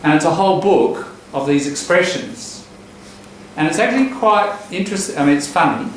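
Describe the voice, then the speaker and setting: A man's voice: on the high side, moderate pace, slight background noise. Man teaching English in an echoey room. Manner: explanatory, repeats phrases to model pronunciation. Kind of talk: relaxed classroom teaching. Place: classroom. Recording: echoey classroom recorded from a distance.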